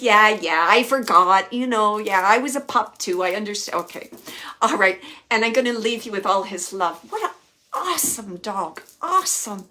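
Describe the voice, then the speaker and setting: A woman hosting a live spirit-reading chat as a medium, chatty, often laughing, relaying quoted messages in a lively way and dropping to soft murmurs as she searches. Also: medium pitch. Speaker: psychic medium host.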